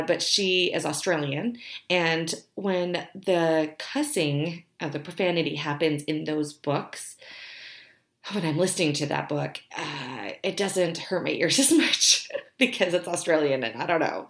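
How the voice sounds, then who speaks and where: Bubbly woman book reviewer, roomy echo. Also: low voice. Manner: chatty and bubbly, laughing easily. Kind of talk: casual chat to camera.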